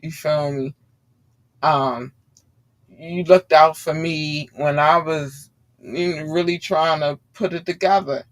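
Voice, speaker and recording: A woman's voice: sits low, steady tone, takes it slowly. A woman hosting a podcast, ranting bluntly and swearing freely in heated commentary. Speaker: podcast host.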